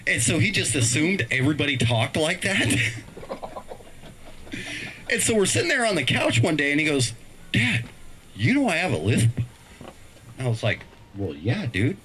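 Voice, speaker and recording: Middle-aged male comic, lively pitch, spins family stories with put-on voices, faint hiss behind. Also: moderate pace, rough recording. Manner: animated storytelling, acts out voices. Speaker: stand-up comedian. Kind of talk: stand-up set on a live stream.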